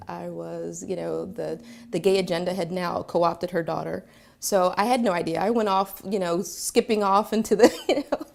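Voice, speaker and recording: A woman from Philadelphia telling a personal story, reflective and halting, with many pauses and fillers. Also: on the low side, creaky, a little mellow. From Philadelphia, Pennsylvania.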